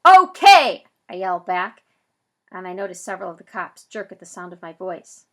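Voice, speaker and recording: Audiobook narrator, woman, bright and forceful voice, reads in first person and voices the cast. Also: lowish voice, level tone, brisk. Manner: voices characters, loud bursts for shouted lines.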